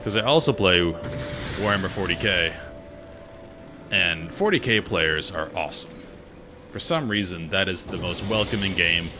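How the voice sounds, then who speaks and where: A man's voice: low voice, lively intonation, normal speed, long pauses, noisy background. A gaming streamer, a man, chatting casually and opinionatedly while he plays. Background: game music.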